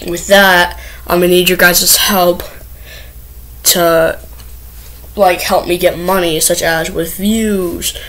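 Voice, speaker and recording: A woman's voice: fairly low pitch, steady tone, takes it slowly, pauses often, a bit bright, rough recording. A woman vlogging to camera, nervous and rambling, with lots of filler words and restarts. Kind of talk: casual first vlog to camera.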